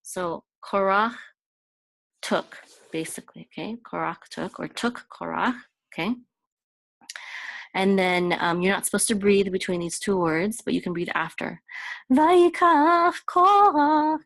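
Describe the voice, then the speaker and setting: A woman's voice: fairly even intonation, creaky, dry recording. A woman teaching Torah chanting in an informal lesson, explaining patiently and breaking into short sung examples. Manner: explains slowly, then sings chanted examples higher and louder.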